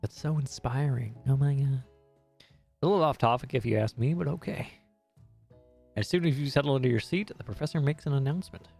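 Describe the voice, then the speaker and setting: A man's voice: mid-range voice, a little fast, creaky, pauses often, a little mellow, soft background music. A young man streaming a game, reading it aloud with jokey, sweary asides.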